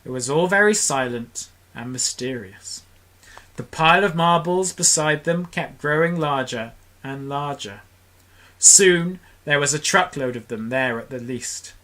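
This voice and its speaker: Brief: lively read-aloud narrator for a children's storybook stream, bright, ringing tone. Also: medium pitch, measured pace. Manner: expressive, does character voices. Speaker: storybook reader for a charity stream. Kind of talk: reading a children's book aloud on a livestream.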